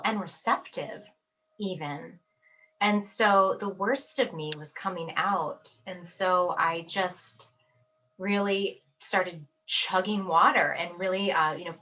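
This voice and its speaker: A woman's voice: mid-range voice, fairly bright tone. A woman in her thirties, an herbalist, talking casually to camera from her home office, chatty and reflective with fillers and small laughs. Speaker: herbalist and herb school teacher. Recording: slightly dull lo-fi audio, not her usual mic.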